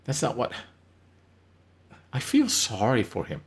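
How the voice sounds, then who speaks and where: Troubled, wry woman, halting delivery, gravelly edge, read by a man. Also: mid-range voice, wildly swooping pitch, pitched above the performer's own voice. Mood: conflicted. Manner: halting, stammering restarts.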